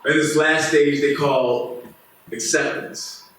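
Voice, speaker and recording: In a church hall, a pastor preaches a sermon that retells scripture as a casual modern-day story. His voice is slightly high, steady, slow, and a bit bright, captured by a distant mic in a very echoey room with faint noise.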